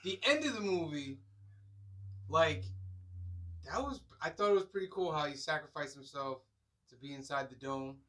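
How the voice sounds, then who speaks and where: A man talking through a film in a casual review chat, easygoing and quick to agree with his co-host. His voice is a touch high for a man and bright, with a lively edge. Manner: easygoing, agreeable, often chimes in with short assents.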